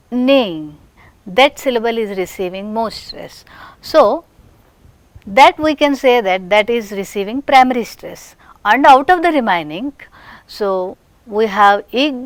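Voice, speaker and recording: A woman teaching a recorded phonetics lesson, slow and deliberate, drawing out each example word. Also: on the high side, no echo.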